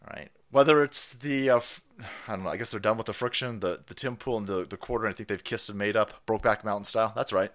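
A male streamer host with a low-leaning, fairly bright voice talks fast, ranting in foul-mouthed commentary. He laughs and mocks people through put-on voices and impressions.

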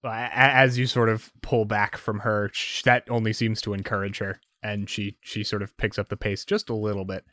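A man narrating as game master of a tabletop game, speaking in a lowish voice. He hedges loosely as he describes the scene. The sound is dry and close. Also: level tone, normal speed, few pauses, fairly bright tone, no room sound. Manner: loose, hedging with fillers.

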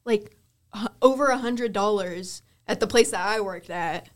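A woman's voice: medium pitch, normal speed. A young woman chatting casually with friends about customers, with frequent "like" fillers. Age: young adult. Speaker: panelist recalling first jobs. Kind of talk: casual chat.

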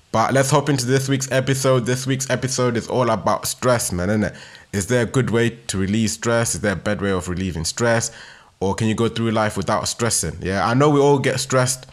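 A young man with a London street accent talking casually on his solo podcast, laid-back and slangy, ending nearly every sentence with "innit". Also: on the low side. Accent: London, Multicultural London English. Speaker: podcast host.

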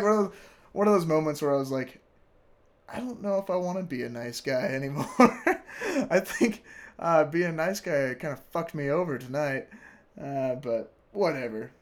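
A young man telling a story casually, animated and profane, laughing often and acting out what people said. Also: on the high side, normal speed.

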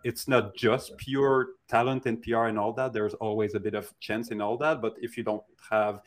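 Low-voiced man asking winding questions. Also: level tone, normal speed. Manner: long, winding questions with many restarts. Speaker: co-host. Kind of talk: interviewing a guest.

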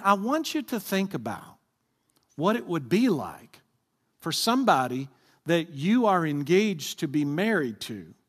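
Animated preacher in a reverberant hall. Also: male voice, fairly high pitch. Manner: talks with the congregation, asking them to answer aloud. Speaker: pastor. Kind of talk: sermon.

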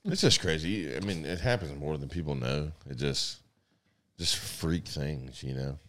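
A man who works as a sheriff's deputy, telling profane jail and patrol stories in a casual, animated way. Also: extremely low pitch, measured pace. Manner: profane, animated storyteller, loud when acting out the chase. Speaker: sheriff's deputy in livestock division. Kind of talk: casual storytelling.

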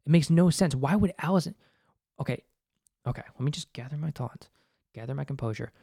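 A man's voice: on the high side, a little fast, creaky, dark tone, husky, no echo, studio quality. A man giving casual, rambling commentary on a TV episode, exasperated and swearing often, with a lot of filler words. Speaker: TV episode reviewer.

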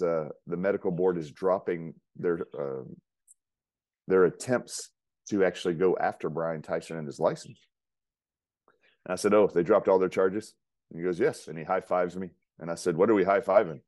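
A man's voice: sits low, darkish tone, no room sound, studio quality. A man from the United States, a chiropractor guest on a podcast, telling a story emphatically with frequent fillers. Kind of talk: casual storytelling in a podcast interview.

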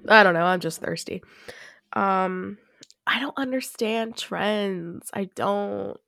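A young woman hosts a solo podcast, chatting casually and rambling, laughing often and saying "like" constantly. Her medium-pitched voice is slow, creaky, and fairly bright, with clean studio sound and no echo.

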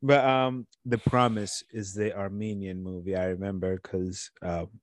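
A man co-hosting a podcast, chatting casually and wandering through his points with plenty of fillers. His voice sits fairly low, and it sounds dry and close to the mic. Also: little pitch movement, measured pace, no echo. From Watertown, Massachusetts. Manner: rambling, many fillers and restarts. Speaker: podcast co-host. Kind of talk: casual chat.

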